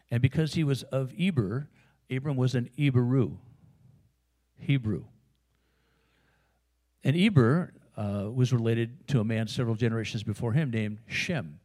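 A man's voice: medium pitch, a little mellow. A man with an American accent preaching a sermon in a conversational, storytelling way, with frequent fillers and asides. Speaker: pastor.

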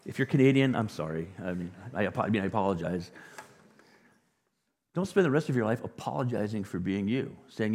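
Animated male pastor in a reverberant hall. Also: fairly low pitch, a little fast. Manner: animated, swings from quiet to loud emphasis. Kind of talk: sermon. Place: church sanctuary. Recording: long reverb of a large hall.

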